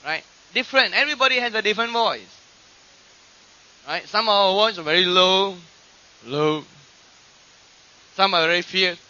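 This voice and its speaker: A man preaching a sermon, teaching from scripture and acting out quoted voices with animated emphasis. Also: high-pitched, fairly quick. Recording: dull lo-fi archive recording.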